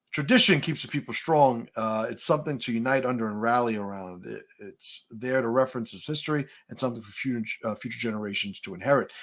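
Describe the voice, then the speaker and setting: A man's voice: mid-range voice, a bit bright. A man from New City, hosting a livestream, telling stories and answering chat comments in a profane, rambling way. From New York City. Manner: profane, storytelling, many fillers and restarts. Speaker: livestream host. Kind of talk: casual livestream talk, reading chat comments.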